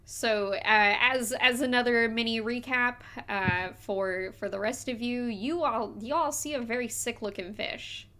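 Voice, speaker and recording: A woman's voice: on the high side, measured pace, hardly any pauses, sharp tone. A woman narrating a live tabletop game as game master, rambling with fillers and restarts.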